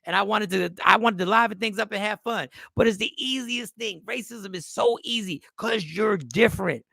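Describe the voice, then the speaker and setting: A man hosting a radio talk show, animated and joking, with earnest turns. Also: high voice, moderate pace, vocal fry, no room sound, clean studio sound.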